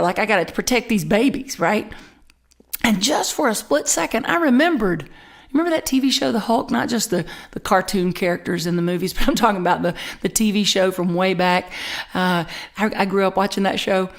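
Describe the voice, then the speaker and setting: Middle-aged woman minister, lively conversational sermon storyteller, mid-pitched. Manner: animated, conversational, laughing asides. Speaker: pastor.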